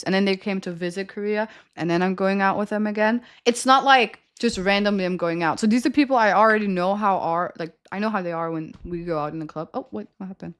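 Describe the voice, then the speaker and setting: A woman's voice: mid-range voice, fairly bright tone. A young woman streamer telling a story in casual chat, rambling and laughing often. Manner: rambling, chatty, with frequent laughter and "like" fillers.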